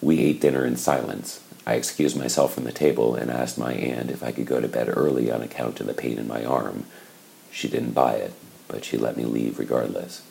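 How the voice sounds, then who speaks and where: Audiobook narrator, male, very low and gravelly, dark and measured. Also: a little hiss or hum, rough recording. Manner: measured, reflective.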